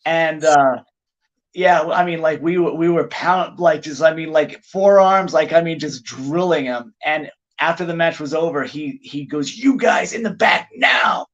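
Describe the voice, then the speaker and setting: A middle-aged man, a pro wrestler guest on a podcast, telling anecdotes in an animated, casual way with lots of "like" fillers. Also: on the high side, measured pace, lo-fi sound.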